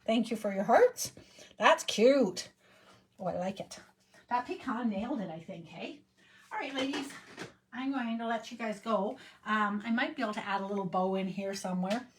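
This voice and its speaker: A woman's voice: mid-range voice, moderate pace, a little hiss or hum. A woman hosting a card-making livestream, chatting casually and humming to herself as she stamps and colours. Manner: chatty, rambling, hums and sings to herself while working. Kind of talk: casual crafting livestream chat.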